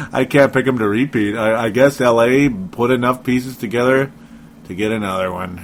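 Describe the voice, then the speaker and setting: A man's voice: medium pitch, moderate pace, a little hiss or hum. A man co-hosting a casual sports podcast, rambling, laughing often and breaking off his own sentences. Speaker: podcast co-host.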